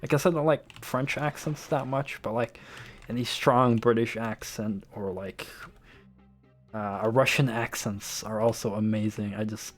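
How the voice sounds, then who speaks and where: A Dutch man with a mild Dutch accent chats with his stream audience in a loose, meandering way, peppering his talk with "like" and casual swearing. His voice sits at an ordinary pitch for a man, picked up close on a desktop microphone. Quiet game music and keyboard clicks run underneath. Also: steady tone, unhurried. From Netherlands. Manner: rambling and loose, heavy on "like", swears freely. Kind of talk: casual live-stream chat. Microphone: desktop USB microphone.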